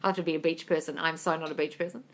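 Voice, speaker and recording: A woman's voice: sits low, fairly even intonation, racing. A woman hosting a casual live-stream Q&A, reading viewer comments aloud and answering them in a chatty way, often calling people darling. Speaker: host answering viewer questions. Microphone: phone.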